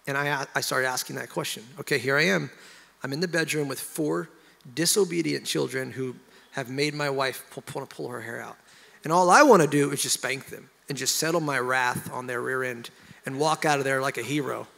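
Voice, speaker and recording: A man, a pastor, sharing his testimony in an animated, emotional way and getting loud at the high points. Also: normal speed, vocal fry, big-room sound. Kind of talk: candid conversational testimony.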